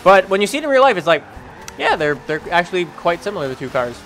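A young man from Canada giving rambling, excitable let's-play commentary over a racing game, often jumping into high yelps. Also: quick pace, slight background noise. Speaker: gaming channel host.

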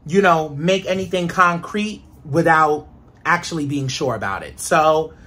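A woman hosting a podcast, telling stories in casual chat and acting out quotes with big jumps in pitch. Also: a little slow, a bit bright, slightly rough. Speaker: podcast host.

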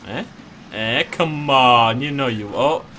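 A man's voice: medium pitch, slow, sharp tone, a little hiss or hum. A man giving casual let's play commentary in a playful, jokey, mock-dramatic way. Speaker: gameplay commentator.

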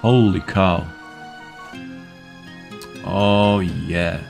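A man giving casual commentary over his own gameplay, excitable and swearing at enemies. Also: deep voice, very slow, creaky, soft background music. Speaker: gaming video host.

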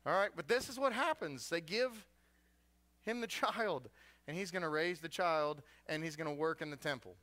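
Man, guest preacher, humorous sermon, high voice, bright tone, church. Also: moderate pace. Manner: humorous, animated storytelling.

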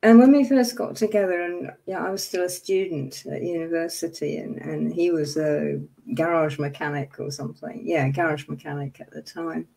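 A woman's voice: low-pitched, steady tone, normal speed, gravelly, mellow. A woman in her seventies hosting a livestream, talking to viewers in an angry, emphatic way and apologizing for her outbursts. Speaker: livestream host. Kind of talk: impassioned casual talk to viewers.

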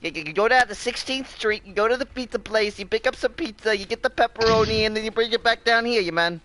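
A man's voice: high-pitched, fast talker, pushed and bright, slight background noise, pitched above the performer's own voice. A man putting on a bossy New York Italian guy. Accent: mock Italian-American New York. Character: loud Italian-American man from New York giving orders.

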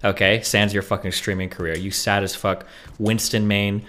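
Brief: man, lowish voice, blunt and profane, roasting someone. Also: little pitch movement, normal speed, fairly bright tone. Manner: blunt, insulting, heavy swearing. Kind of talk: casual chat.

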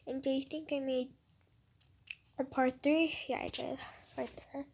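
A woman's voice: sits high, flat delivery, unhurried, a little mellow. A woman giving casual, rambling commentary on a screen recording of her own old video, mocking it. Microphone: phone screen-recorder mic.

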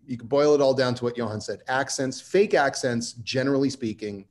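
A man's voice: mid-range voice, brisk. A man speaking on a panel, conversational and emphatic with dry humor. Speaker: writer on a panel. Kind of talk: panel discussion.

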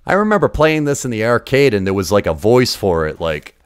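A man's voice: on the low side, fairly quick, few pauses, clean tone, no echo, studio quality. A man in his forties from Massachusetts with a Boston accent, chatting loosely and swearing a lot as he plays old games on a livestream. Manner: profane, rambling and excitable. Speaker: streamer. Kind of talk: casual gaming livestream chat.

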